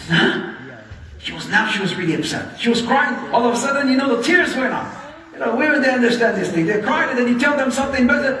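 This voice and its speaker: A man preaching a storytelling sermon, lively and acting out quoted speech, laughing often and dropping in Arabic phrases. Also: very high voice, quick pace. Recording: very echoey hall, distant mic.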